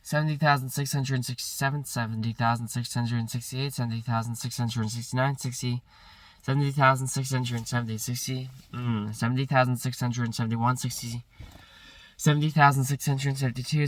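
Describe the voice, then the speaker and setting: A man rattles through long numbers at a rapid clip, stumbling now and then and correcting himself. His voice sits at an ordinary middle pitch and sounds a little distant from the microphone. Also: little pitch movement, no room sound. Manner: rapid rote counting with slips, self-corrections and bursts of swearing frustration. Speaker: streamer counting aloud. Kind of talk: long monotonous counting stream.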